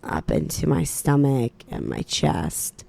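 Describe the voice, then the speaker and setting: A woman co-hosting a podcast in a studio, talking in a calm, sarcastic way and guiding listeners step by step. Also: a bass voice, slow pace, creaky. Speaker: podcast co-host. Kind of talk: casual chat. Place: radio studio.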